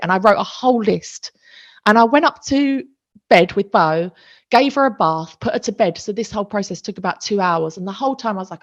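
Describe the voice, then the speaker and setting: A woman, a podcast guest, telling a personal story in an emotional, animated way and swearing freely. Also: medium pitch, brisk. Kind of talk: casual storytelling interview. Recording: dull lo-fi recording.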